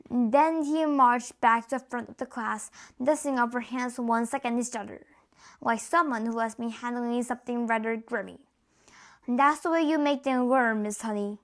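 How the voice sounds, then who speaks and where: Woman narrator, high voice, steady read-aloud. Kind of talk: reading a novel aloud.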